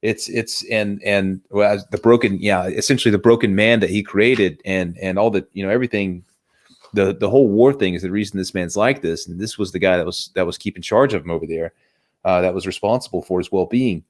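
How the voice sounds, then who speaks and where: A man's voice: low voice, fairly quick. A man hosting a casual movie review chat, enthusiastic and rambling, often restarting his sentences.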